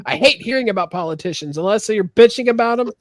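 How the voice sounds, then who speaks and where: A man co-hosting a casual party-game chat, tipsy, loud and full of swearing banter. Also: high voice, expressive, fast. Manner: drunk, loud, profane banter. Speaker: podcast co-host.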